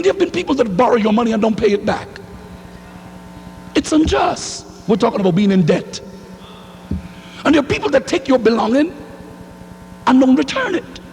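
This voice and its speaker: A man preaches with fire, his high voice leaping up and down and breaking into shouts. His tone is gravelly, and it rings out with a long hall reverb over a faint hum. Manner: fiery, rising to shouts, call-and-response. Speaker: pastor. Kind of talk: sermon. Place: church sanctuary.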